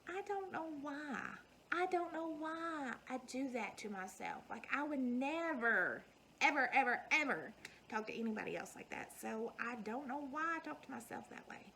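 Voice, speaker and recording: A woman's voice: high voice, animated, normal speed, sharp tone, slight background noise, poor audio. A woman, giving an earnest, folksy motivational talk to her viewers. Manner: earnest, folksy, emphatic repetition. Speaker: vlogger.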